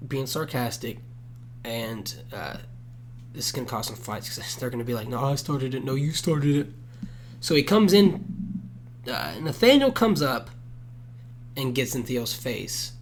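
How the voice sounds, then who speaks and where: A man hosting a podcast, telling a story in casual chat, animated and profane, acting out shouted quotes into a desk mic. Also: mid-range voice, a little hiss or hum. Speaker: podcast host.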